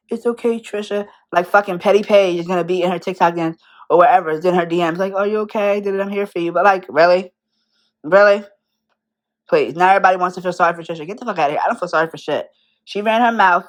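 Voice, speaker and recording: A young woman in an angry, profane rant, firing rhetorical questions at the person she is calling out. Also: fairly low pitch. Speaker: commentary vlogger.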